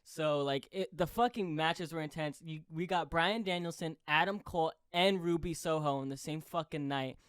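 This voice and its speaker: A young man hosting a podcast, chatting excitedly, swearing constantly and yelling when he relives big moments. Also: fairly high pitch, normal speed, few pauses, clean tone, no room sound, clean studio sound. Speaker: podcast host. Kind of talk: excited casual chat.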